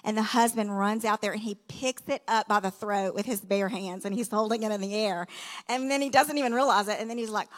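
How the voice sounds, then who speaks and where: A woman's voice: medium pitch, fairly even intonation, fairly quick, long reverb tail. A woman preaching a sermon in a church, telling a story dramatically with conversational asides.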